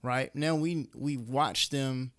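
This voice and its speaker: A man's voice: mid-range voice, fairly even intonation, slow, fairly bright tone, dry recording, clean studio sound. A man hosting a casual chat, a pit crew member talking in a rambling way full of fillers. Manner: rambling, filler-heavy talk. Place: race shop.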